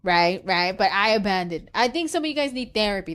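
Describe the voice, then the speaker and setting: A woman livestreaming a game, chatting casually with her viewers; she is excitable, swears freely and laughs often. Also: mid-range voice, fairly quick, clear, resonant tone. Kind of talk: casual gaming livestream chat.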